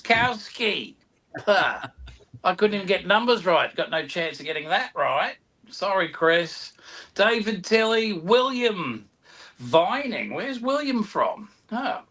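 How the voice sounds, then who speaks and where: A man's voice: high voice, sing-song, slow pace, bright, forceful tone. A man with an Australian accent co-hosting a live stream, reading out chat names with self-mocking asides. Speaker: co-host.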